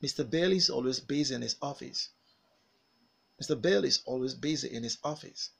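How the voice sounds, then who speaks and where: A man teaching a pronunciation lesson, saying vowel sounds and model words with careful, drawn-out articulation and pausing for learners to repeat after him. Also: mid-range voice, vocal fry, slightly rough. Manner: over-articulated, drilled with pauses for repetition. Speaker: phonics teacher. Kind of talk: slow, deliberate pronunciation lesson.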